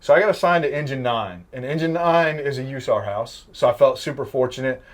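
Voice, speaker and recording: A man's voice: medium pitch, brisk. A young man from the Midwest, a firefighter, telling stories in a casual podcast chat and laughing often. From American Midwest. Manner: anecdotal storyteller, laughs often.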